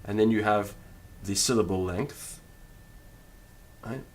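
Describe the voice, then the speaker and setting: A man teaching Latin in a lecture, deliberate and careful, sounding out syllables one by one. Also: lowish voice. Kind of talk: spoken lecture.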